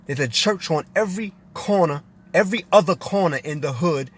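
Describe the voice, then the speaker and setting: A man's voice: on the high side, animated, normal speed, slightly rough. A man speaking in a casual monologue, preachy and emphatic, repeating phrases as he goes on. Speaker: video commentator.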